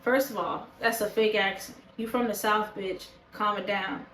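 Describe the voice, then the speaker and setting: A woman's voice: medium pitch, steady tone, normal speed, a bit bright, echoey room, a little hiss or hum, rough recording. A woman reviewing a reality show in casual chat to camera, blunt, profane and opinionated. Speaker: show reaction vlogger. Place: indoors, talking to a camera.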